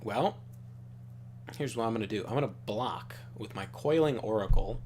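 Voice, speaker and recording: A man's voice: on the low side, normal speed, a little mellow, a little hiss or hum. A young man chatting casually over a card game, rambling, laughing and swearing freely. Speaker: show regular.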